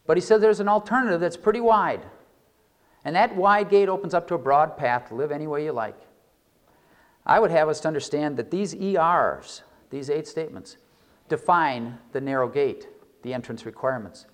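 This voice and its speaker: A man preaching a sermon, reading scripture slowly and stressing key words with big swings in pitch and loudness. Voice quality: expressive, reads scripture slowly and deliberately. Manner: emphatic preaching with wide swings in pitch and volume, slowing on key phrases. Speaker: pastor.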